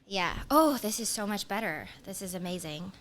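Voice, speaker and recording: A woman's voice: medium pitch, animated, moderate pace, a bit bright. A woman co-hosting a podcast in casual, playful, teasing banter. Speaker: podcast co-host. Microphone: studio podcast mic with headphones.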